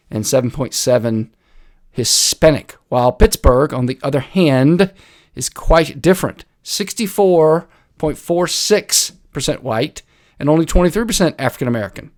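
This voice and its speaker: A man speaks with a North Carolina Piedmont Southern accent in a middle-pitched voice. He hosts a live political commentary stream, talking casually and opinionatedly with plenty of filler words. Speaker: host.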